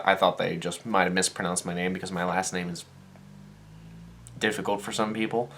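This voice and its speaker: A young man talking casually in a vlog, acting out the people in his story with a lively, animated delivery, and turning soft and earnest when the talk gets serious. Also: low voice, slight background noise. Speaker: vlogger and dance teacher.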